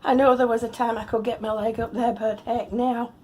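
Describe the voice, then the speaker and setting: A woman's voice: fairly high pitch, little pitch movement, a little fast, a little mellow, slight background noise. A woman in her fifties chatting through her day at home in a casual vlog, out of breath, laughing often and cooing at her cats. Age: 50s. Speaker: vlogger.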